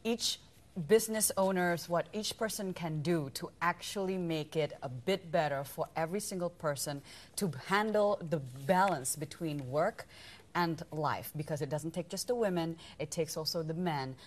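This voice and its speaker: A woman's voice: low-pitched, normal speed. A young woman from Indonesia, co-host and actress on a talk show, bubbly and chatty. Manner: bubbly, chatty, laughs often.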